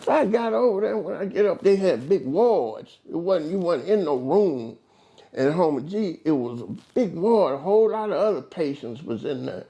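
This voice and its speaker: In a casual storytelling chat, a man tells long, animated stories, acting out quoted voices and frequently stumbling over and repeating words. His voice sits high, at a moderate pace.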